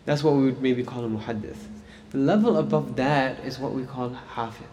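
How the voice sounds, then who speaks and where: A man's voice: medium pitch, moderate pace, darkish tone, long reverb tail, a little hiss or hum. A man teaching Islamic studies in a casual lecture style, talking conversationally and often checking in with "right?". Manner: conversational, frequent "right?" and "like" fillers.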